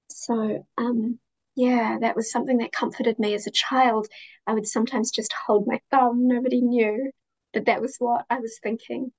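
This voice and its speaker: A woman in her thirties, a guest in an interview, speaking gently and with feeling about her life. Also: a little high, flat delivery, moderate pace. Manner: gentle and heartfelt. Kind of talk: reflective interview conversation.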